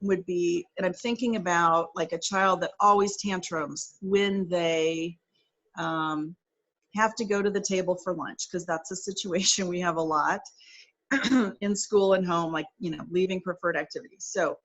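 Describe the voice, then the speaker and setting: A woman's voice: on the low side, fairly even intonation, measured pace, fairly bright tone, dull audio. A middle-aged woman occupational therapist explaining in an interview, chatty and practical, working through step-by-step examples with frequent fillers.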